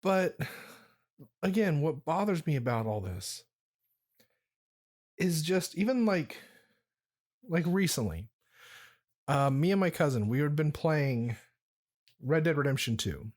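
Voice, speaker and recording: Rambling, foul-mouthed man with a higher voice. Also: lively intonation, slow, long pauses, darkish tone. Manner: rambling, profane, laid-back. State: drinking while talking. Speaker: podcast host. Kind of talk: casual storytelling chat.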